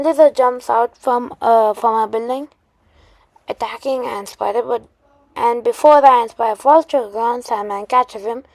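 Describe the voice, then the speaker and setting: A woman retelling a made-up superhero story, halting often with restarts and fillers. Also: fairly high pitch, dry recording.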